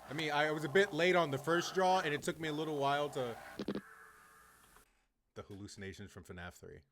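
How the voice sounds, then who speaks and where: A man reacting to a video in casual commentary, swearing often and yelling back at the screen. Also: on the high side, a little hiss or hum.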